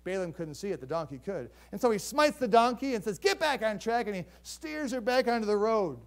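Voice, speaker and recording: High-voiced pastor telling a story. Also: male voice, very animated, brisk. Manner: conversational storytelling with modern jokes. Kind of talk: sermon. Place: church.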